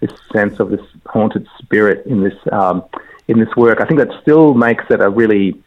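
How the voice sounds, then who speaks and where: A man's voice: lowish voice, moderate pace. A man speaking as a guest in a radio interview, hesitant, with many ums and restarts. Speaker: dance curator, guest. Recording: dull lo-fi radio sound.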